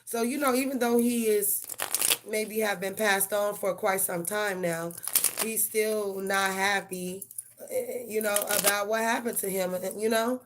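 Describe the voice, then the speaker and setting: A woman's voice: medium pitch, steady tone, unhurried, noisy background. A middle-aged woman, giving tarot readings on a live stream and talking blunt and profane to her viewers. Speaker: tarot reader.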